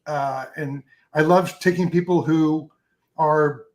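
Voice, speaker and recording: Upbeat guy rambling thru stories in an interview, lots of ums, kinda high voice. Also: steady tone, slow, a little mellow. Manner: enthusiastic, rambling storyteller with many fillers. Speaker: photographer guest. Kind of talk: casual interview chat.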